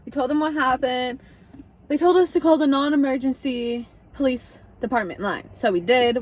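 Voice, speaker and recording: Animated young woman telling a wild story. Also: high-pitched, normal speed. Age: young adult. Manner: animated, swearing, acts out quotes. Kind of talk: casual storytelling to camera.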